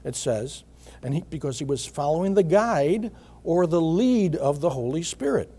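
A man preaching a sermon in an earnest way, repeating key words and often clearing his throat. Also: a little high, expressive, normal speed, dark tone.

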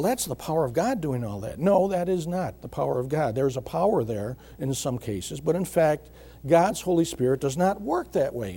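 Husky, mellow-voiced man preaching a sermon. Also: a little high. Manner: measured preaching with repeated phrases and frequent throat clearing. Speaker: pastor.

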